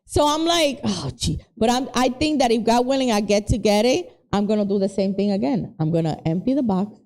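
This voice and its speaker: A middle-aged woman with a New York accent, co-hosting a casual chat and telling stories in an animated way, with Spanish exclamations mixed in. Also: mid-range voice, a little fast. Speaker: podcast co-host.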